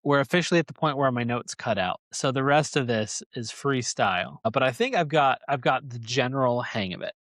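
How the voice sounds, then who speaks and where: Man, podcast host, casual rambling storytelling, jokey, mid-pitched voice, dry close sound. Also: a little fast, hardly any pauses, a bit bright, dry recording. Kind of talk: casual chat.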